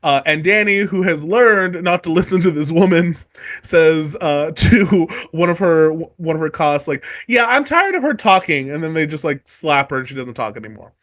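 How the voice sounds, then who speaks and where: Brief: high-voiced man hosting a casual book podcast, profane, gets loud when excited. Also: moderate pace. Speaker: podcast host.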